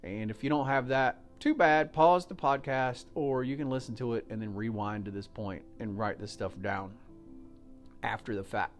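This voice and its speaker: An American man talks through his podcast in a loose, folksy way, full of fillers and friendly asides. His voice sits at an ordinary middle pitch. A faint music bed plays quietly behind him. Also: moderate pace. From United States. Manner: chatty, folksy, explains step by step with fillers. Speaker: podcast host. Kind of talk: casual solo podcast talk.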